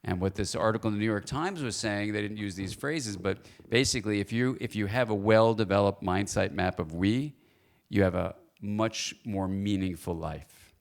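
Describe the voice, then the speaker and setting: A man gives a guest lecture at a church forum, lively and playful, frequently posing questions to the audience. His voice is on the low side and creaky, at a moderate pace.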